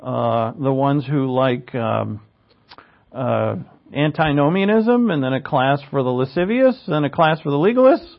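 A man's voice: mid-range voice, expressive, measured pace, gravelly. A man delivering a teaching sermon, his mid-range voice explaining Greek words and posing rhetorical questions. He rises with emphasis on key points, and the recording sounds a little dull and lo-fi. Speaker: pastor.

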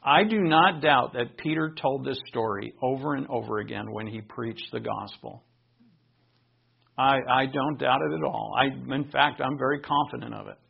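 A man preaches in an earnest, conversational tone, his voice gravelly and husky. The recording sounds a little dull and lo-fi. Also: mid-range voice, moderate pace. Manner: earnest, conversational storytelling with personal asides. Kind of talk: sermon.

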